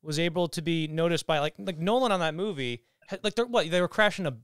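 A man hosting a podcast, chiming in with quick, eager remarks in casual chat. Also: fairly high pitch, a bit bright, smooth, no room sound, clean studio sound. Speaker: podcast host.

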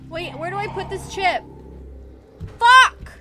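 A young woman streaming a horror game, swearing, muttering low and yelping in fright. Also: expressive, slow pace, pauses often, heavy background noise. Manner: jumpy and profane, mutters low then yelps in fright. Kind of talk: casual let's-play commentary.

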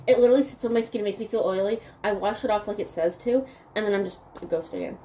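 A woman's voice: mid-range voice, racing, dark tone, a little hiss or hum. A young woman from Newfoundland vlogging in a rambling, giggly casual chat, saying "like" a lot. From Newfoundland, Canada. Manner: chatty, rambling, giggly, heavy use of "like".

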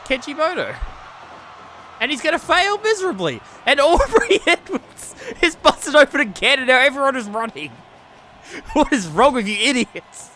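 A man giving live stream commentary on a wrestling video game, excitable, swearing and laughing often, swinging between yelling and muttering. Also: very high-pitched, normal speed, a little hiss or hum.

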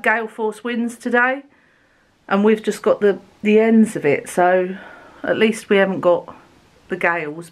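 A woman chats casually to her handheld camera as a family vlogger. She speaks slowly and unhurriedly, at a middle pitch, with plenty of fillers along the way. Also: fairly bright tone. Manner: chatty, unhurried, with frequent "um" fillers. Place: at home and outdoors on a windy, sunny day.

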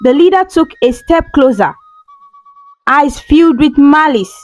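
A woman's voice: high-pitched, animated, measured pace, a little mellow, poor audio. A woman narrating a folktale as a storyteller, dramatic and emotive. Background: faint music.

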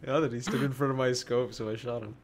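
A man's voice: mid-range voice, steady tone, quick pace, crowd noise. A man gamer joking and mocking another player in voice chat. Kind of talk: in-game voice chat. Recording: noisy game voice chat.

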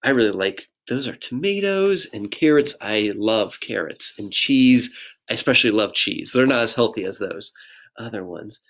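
A man, a pastor, reading a children's picture book aloud in a gentle sing-song voice and inviting young listeners to join in. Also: on the low side, lively intonation, normal speed.

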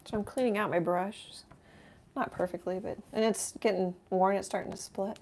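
In a mid-range voice with fairly even intonation, vocal fry, and a darkish tone, a middle-aged woman speaks at a moderate pace. She is an art teacher hosting a channel, giving a live painting demo from her indoor home studio. Thinking aloud while she works, she chats casually and often trails off mid-sentence.

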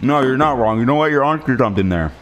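A young man trolling an online class, loud, mocking and crude. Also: medium pitch, expressive, fast talker, muffled recording, slight background noise. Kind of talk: prank trolling.

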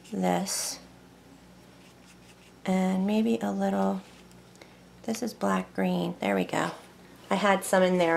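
A woman's voice: on the low side, vocal fry, slight background noise. A woman teaching decorative painting in a casual tutorial, chatting and thinking aloud as she works at a close mic.

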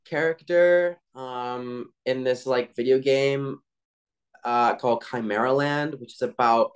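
Young male guest, easygoing, filler-heavy chat, mid-range voice. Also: medium pitch. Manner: laid-back, filler-heavy storytelling. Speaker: voice actor guest. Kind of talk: casual interview chat.

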